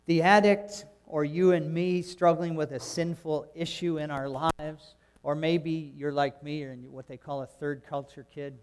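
Male pastor, raised in Canada, fairly high voice; emphatic sermon delivery, reverberant sanctuary. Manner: emphatic, swings between soft asides and loud exclamations.

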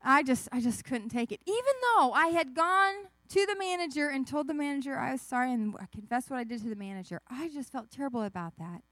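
A woman giving a children's sermon, telling a story with lively asides and questions to the kids. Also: high-pitched, a little fast, few pauses, no room sound. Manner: animated, asks the kids questions, acts out voices. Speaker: children's message speaker.

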